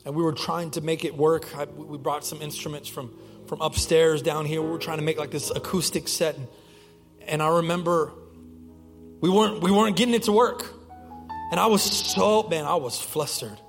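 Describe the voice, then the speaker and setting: A man's voice: on the high side, fairly even intonation, normal speed, in a large hall, soft background music. A young man preaching a sermon as pastor, telling stories in a conversational way with frequent restarts. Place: church sanctuary.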